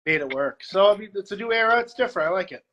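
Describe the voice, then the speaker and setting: A man being interviewed as a guest, chatting casually and telling animated stories with quick put-on voices. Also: sits high, dull audio. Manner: animated storyteller, puts on quick voices in anecdotes. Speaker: guest, security director.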